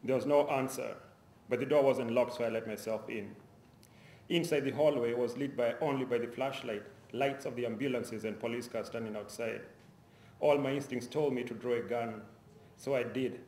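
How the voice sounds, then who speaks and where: A man reading aloud from his own novel at a university event, in a measured way with small restarts. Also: medium pitch, darkish tone, a little hiss or hum. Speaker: author reading his fiction. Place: university lecture hall. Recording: roomy lecture hall, faint ambience.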